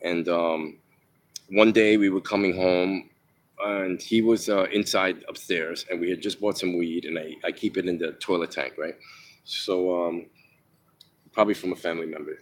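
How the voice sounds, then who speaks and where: With a low pitch, fairly even intonation and a moderate pace, this New Yorker tells his life story loosely. He keeps restarting, fills gaps with ums and curses freely, much like an informal spoken memoir.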